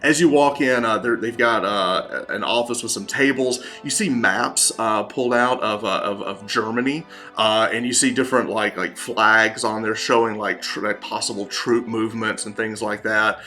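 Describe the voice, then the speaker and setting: Southern game master, bright, rambling narration. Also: male voice, on the low side, fairly even intonation, normal speed, hardly any pauses, soft background music. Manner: rambling, many fillers and restarts.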